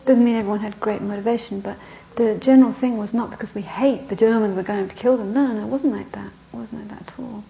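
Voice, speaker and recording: A woman Buddhist teacher telling a story in a Dharma talk, animated and sometimes dropping to soft whispers for emphasis. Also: mid-range voice, fast, creaky, hardly any pauses, highs cut off.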